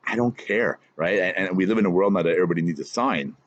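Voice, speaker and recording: A man's voice: sits low, fast, no echo. A middle-aged man talking in a rambling podcast monologue, often repeating and restarting his words. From Canada. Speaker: podcast host. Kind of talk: casual monologue. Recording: dull lo-fi sound.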